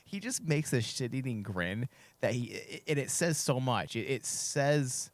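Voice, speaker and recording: A man's voice: medium pitch, lively intonation, a little slow, no room sound. A man co-hosting a casual podcast discussion who talks frankly, gives strong opinions and makes crude jokes, and is losing his voice. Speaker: podcast co-host.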